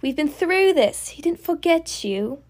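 A woman voicing a patient dog mother who talks in a calm, reassuring way. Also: high voice, a little slow.

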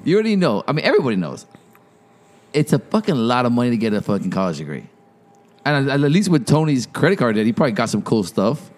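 A man co-hosting a podcast in casual banter, teasing his co-host with quick jabs. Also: medium pitch, sing-song, a little mellow.

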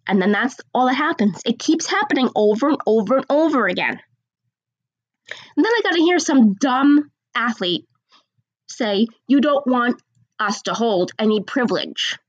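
A woman giving a blunt, sarcastic opinion rant, slowing down to stress her points. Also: sits high, no room sound, muffled recording.

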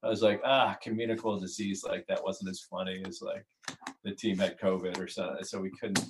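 Low voiced guy chatting on a podcast, lots of restarts, laughing at his own jokes. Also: little pitch movement, fairly quick, background noise. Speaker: writer and creator guest. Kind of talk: casual podcast interview.

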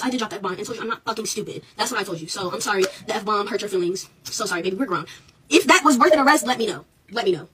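A woman's voice: mid-range voice, expressive, rapid-fire, fairly bright tone, recorded from a distance, a little hiss or hum, low-quality recording. A young woman, a college student, telling an indignant storytime to her phone camera and swearing freely. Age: young adult.

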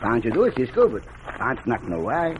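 An actor playing a big, jolly Mexican sidekick who speaks broken English with a Mexican accent in an old radio western drama. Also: male voice, medium pitch, huge pitch swings, fairly quick. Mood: puzzled. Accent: Mexican Spanish. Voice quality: broken English, talks of himself by name. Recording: muffled old radio recording, light hiss.

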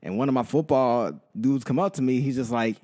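A young man co-hosting a podcast in relaxed, slangy casual chat. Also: mid-range voice, brisk. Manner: laid-back, slangy, many short backchannels. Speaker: podcast co-host.

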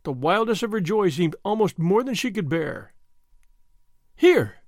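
Brief: male narrator, slightly high, lively classic-novel reading. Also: moderate pace, no room sound, clean studio sound. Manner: expressive storytelling. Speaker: audiobook narrator. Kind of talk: scripted narration.

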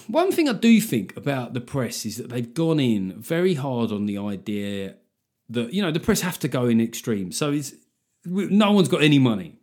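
A man's voice: mid-range voice, a little mellow. Comedian guy doing his solo podcast, swears a lot, sarcastic, voice leaps all over the place. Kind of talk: casual solo podcast monologue.

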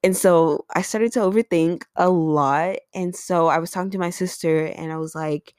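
A woman hosting a podcast chats through a personal story at normal speed, peppering it with "like" and "um." Her fairly low voice is smooth and darkish, heard in a dry, studio-quality recording.

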